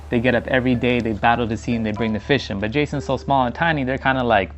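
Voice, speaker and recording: A man's voice: mid-range voice, steady tone, fast talker, lo-fi sound, faint music behind. A man narrating a personal story in a casual, slangy way, acting out bits of dialogue as he goes.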